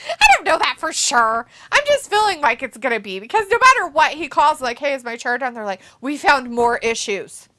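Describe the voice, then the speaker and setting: A woman hosting a livestream in casual chat, animated and cursing freely, often laughing. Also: sits high, a little fast, few pauses. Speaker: stream host.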